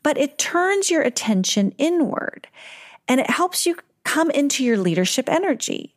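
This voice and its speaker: A middle-aged woman hosting a podcast, giving parenting advice in a calm, reflective way and slowing down on key words. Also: high-pitched, no echo, clean studio sound. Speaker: parent educator and podcast host.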